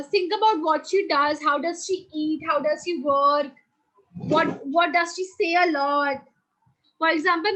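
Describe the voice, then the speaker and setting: A woman's voice: high-pitched, sharp tone, rough recording. A young woman who patiently guides students through an online drama class over a video call. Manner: patient, encouraging, explains step by step. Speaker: drama teacher.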